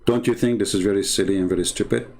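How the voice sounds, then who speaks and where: A man's voice: fairly low pitch, fairly even intonation, quick pace, creaky, a little mellow. A man hosting an online commentary show, speaking in a mocking, argumentative way. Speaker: host.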